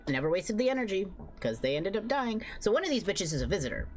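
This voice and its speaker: A woman's voice: medium pitch, sing-song, fast talker. A young woman streaming a game, chatting casually, swearing and sounding exasperated.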